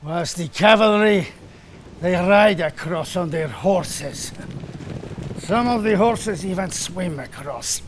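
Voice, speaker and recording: A man's voice: high-pitched, takes it slowly, faint music behind. A man playing a weary, homesick Roman foot soldier in a put-on Italian accent, telling his story theatrically in an educational drama. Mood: storytelling.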